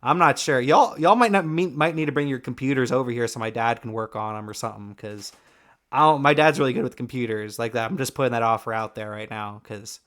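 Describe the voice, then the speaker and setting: A man's voice: mid-range voice, brisk, fairly bright tone. Man, podcast host, casual sports talk, joking, laughs often, swears casually.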